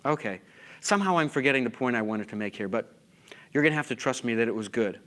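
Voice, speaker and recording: A middle-aged man lecturing at a conference, animated and full of rhetorical questions, sometimes losing his place. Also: medium pitch, fast talker. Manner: self-interrupting, loses his place. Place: lecture hall.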